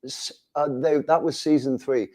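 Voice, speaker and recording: A man's voice: a little high, fairly even intonation, moderate pace, warm tone. A man in his sixties, a musician guest in an interview, telling chatty anecdotes and acting out what people said. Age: 60s. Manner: chatty anecdotal, acts out quotes. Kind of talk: casual interview storytelling.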